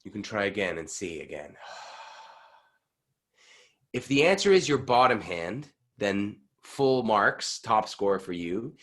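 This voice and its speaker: A man coaching a vocal warm-up over a video call, with energetic demonstrations that sometimes get loud. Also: on the low side, slow. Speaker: pitch coach. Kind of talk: online voice workshop.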